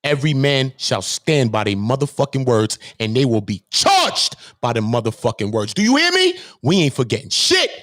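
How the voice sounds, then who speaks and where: A man hosting his own channel, delivering a heated, profane commentary rant that swings between low muttering and high-pitched shouting. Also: very animated, normal speed, hardly any pauses. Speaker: channel host.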